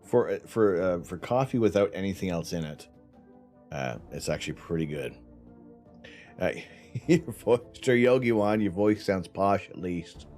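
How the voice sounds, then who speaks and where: A low-pitched man hosts a live stream from his home setup during night imaging, his voice animated, unhurried and darkish over faint music. He rambles and chats casually, sighing often, with his tongue and lips numb.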